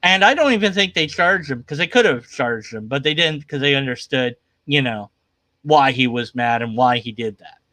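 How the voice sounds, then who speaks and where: A man's voice: mid-range voice, lively intonation, moderate pace, sharp tone, no echo. A man hosting a livestream, giving casual, skeptical commentary on a video in a rambling, argumentative way. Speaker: livestream host reacting to a video.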